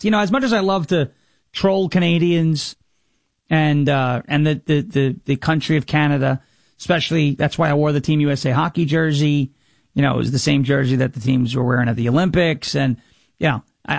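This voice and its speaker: A man's voice: fairly high pitch, vocal fry, dry recording. A man hosting a radio and podcast show, talking casually and sarcastically and mocking his opponents. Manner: mocking, sarcastic, mimics opponents in whiny voices. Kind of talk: casual commentary monologue. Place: Tennessee.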